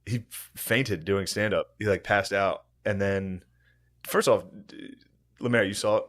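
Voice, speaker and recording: A man co-hosting a podcast, with a low voice and an unhurried drawl. He chats casually and swears freely. He tells his anecdotes like someone easily amused. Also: fairly bright tone. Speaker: podcast co-host. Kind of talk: casual profane chat.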